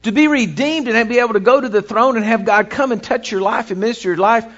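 High-voiced preaching man, lo-fi. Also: quick pace, fairly bright tone. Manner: preaching with rising and falling intensity, repeating phrases. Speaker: pastor. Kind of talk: sermon.

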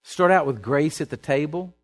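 A male pastor preaching a sermon, swinging from loud declaring to low confiding asides and calling out to the congregation in a folksy way. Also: moderate pace, faint music behind. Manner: folksy and conversational, calls out to the congregation.

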